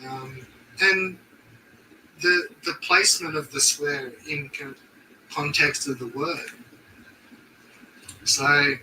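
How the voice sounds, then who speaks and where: Slow, bright-voiced Australian man. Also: fairly high pitch, fairly even intonation, recorded from a distance, a little hiss or hum, low-quality recording. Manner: laid-back, heavy swearing, slangy. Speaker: streamer. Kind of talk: casual stream chat.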